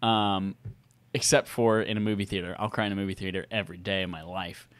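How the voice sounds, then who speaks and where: A man co-hosting a podcast in casual chat, talking freely, laughing often and loudly acting out lines he quotes. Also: low voice, fairly even intonation, a little fast, no echo. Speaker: podcast co-host.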